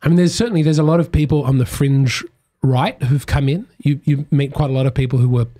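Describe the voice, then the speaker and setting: A man's voice: mid-range voice, fairly even intonation, fast talker, mellow. An Australian man, a comedian guest, chatting casually on a podcast in a wry, joking, rambling way.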